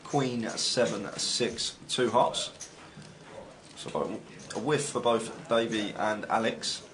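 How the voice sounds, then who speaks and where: A man giving relaxed, analytical play-by-play commentary on a live poker stream. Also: lowish voice, slow, a crowd in the background.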